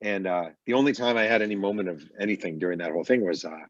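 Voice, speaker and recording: A middle-aged man with a low voice tells animated stories in a casual interview. He acts out the people in his stories as he talks. The sound is dry and muffled, like lo-fi video call audio from a bedroom. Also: quick pace, no room sound. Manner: animated anecdotes with acted quotes. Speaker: author guest.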